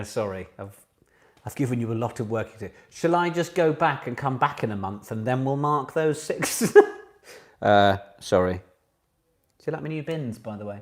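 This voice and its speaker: A man hosts a relaxed online pub quiz from home, speaking at a medium pitch. He chats and mocks himself with jokey asides between questions. His voice comes through a home computer mic on a video call. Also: normal speed. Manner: chatty, self-mocking, jokey asides. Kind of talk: casual online quiz hosting.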